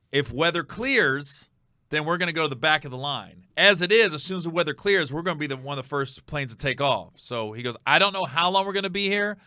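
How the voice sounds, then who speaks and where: A man's voice: on the high side, no echo, clean studio sound. A man, a comedian host telling a story and acting out the other people in it. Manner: animated, acts out the other voices in the story. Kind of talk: storytelling monologue.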